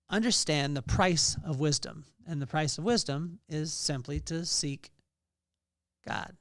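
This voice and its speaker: A man's voice: on the high side, a little slow, creaky, no echo, studio quality. A middle-aged man hosting a podcast, giving a motivational talk on leadership that draws on scripture and repeats key phrases for emphasis. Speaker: podcast host.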